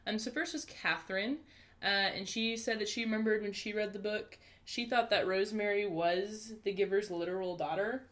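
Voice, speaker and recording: A woman's voice: medium pitch, fairly even intonation, moderate pace, fairly bright tone. Giggly woman co-hosting a book podcast. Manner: giggly, joking. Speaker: podcast co-host. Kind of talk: casual book podcast chat.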